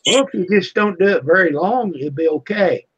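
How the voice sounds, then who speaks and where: A man's voice: high-pitched, animated, fairly quick, fairly bright tone, slight background noise. A man who is a guest on a livestream, chatting casually in an easygoing way. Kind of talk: casual chat. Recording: dull lo-fi stream audio.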